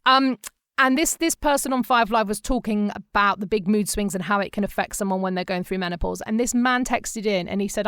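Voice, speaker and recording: A woman's voice: mid-range voice, fairly quick, a bit bright, smooth, no echo, clean studio sound. A middle-aged woman co-hosting a podcast in casual chat, telling stories with animation and acting out the voices of people she quotes. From England. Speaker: podcast co-host.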